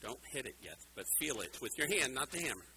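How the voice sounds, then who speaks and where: A man's voice: medium pitch, fast talker, creaky, background noise. A man giving a playful children's sermon in a church, talking straight to the kids and teasing a young helper. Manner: playful, animated, talks directly to kids in the room. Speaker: pastor. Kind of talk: children's sermon with a hands-on demonstration.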